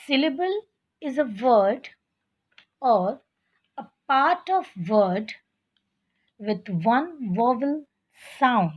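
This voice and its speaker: Slow, husky-voiced woman teaching grammar. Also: high-pitched, animated, darkish tone. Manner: slow, patient, addresses children often. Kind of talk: classroom grammar lesson. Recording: dull lo-fi recording.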